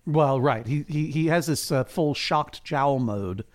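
A man's voice: fairly high pitch, a little slow. A man co-hosts a comedy podcast that recaps a television drama. He talks in a wry, playful way. Now and then he jumps briefly into character voices for the scenes he retells. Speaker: podcast co-host.

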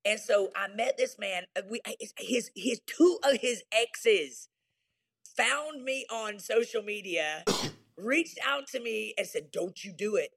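A woman's voice: fairly high pitch, lively intonation, slow pace, creaky, fairly bright tone, breathy edge. A woman with a Southern US accent, a pastor speaking candidly as an interview guest, with an emphatic, folksy preacher's delivery.

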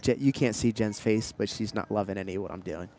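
A young man co-hosting a casual podcast, telling animated stories and trying out silly accents. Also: fairly low pitch, fast. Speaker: podcast co-host. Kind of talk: casual chat.

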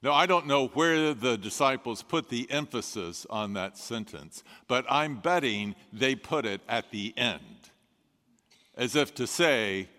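Slow, deliberate preaching man in an echoing hall. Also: medium pitch, lively intonation, sharp tone. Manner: measured storytelling with dramatic pauses. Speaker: pastor. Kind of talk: sermon. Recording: long reverb of a large hall.

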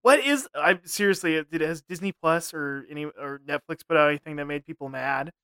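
A man's voice: fairly high pitch, brisk, sharp tone, clear, resonant tone, no echo. A man co-hosting a comedy podcast, laughing often and ranting in mock seriousness. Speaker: podcast co-host. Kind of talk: casual comedy chat.

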